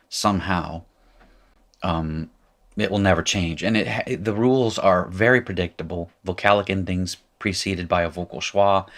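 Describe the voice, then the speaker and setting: A man teaching a language lesson at a board, patiently drilling forms aloud with wry asides. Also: deep voice. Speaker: Hebrew teacher. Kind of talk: classroom lecture at a whiteboard.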